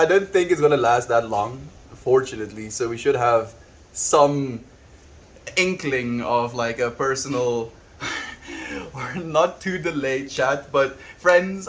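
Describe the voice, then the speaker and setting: A South African man chatting on a livestream, soft-spoken and reflective, reading viewers' messages aloud. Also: medium pitch. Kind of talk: casual livestream chat.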